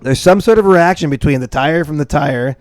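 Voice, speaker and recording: A man's voice: on the high side, brisk, a little mellow, dry recording. A young man from the upper Midwest co-hosting a podcast, rambling in a mock-serious, swearing comedic chat. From upper Midwest of the United States. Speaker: podcast co-host.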